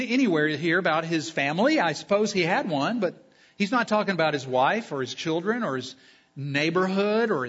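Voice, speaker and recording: Man, pastor, sermon, husky voice, emphatic lists, dull lo-fi recording. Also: on the high side. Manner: emphatic, builds long spoken lists and slows down on key phrases. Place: church service.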